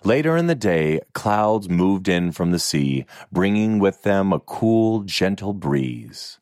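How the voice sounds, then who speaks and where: Deep-voiced male audiobook narrator. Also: sing-song, takes it slowly, a little mellow, dry recording, studio quality.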